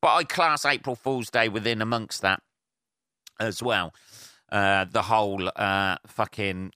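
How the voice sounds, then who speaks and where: A man's voice: lowish voice, a little slow, bright, forceful tone, no room sound, studio quality. A man hosting a solo podcast, talking in a rambling, profane, casual rant with many fillers and restarts. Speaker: podcast host. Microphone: handheld portable recorder.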